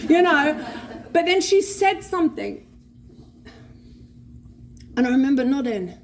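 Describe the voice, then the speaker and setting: London woman sharing her recovery story at a convention, swears a lot, does the other people's voices, pitched a bit high, faint hum behind her. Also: expressive, slow pace, pauses often. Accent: London English. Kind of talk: live personal recovery share. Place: convention hall with an audience.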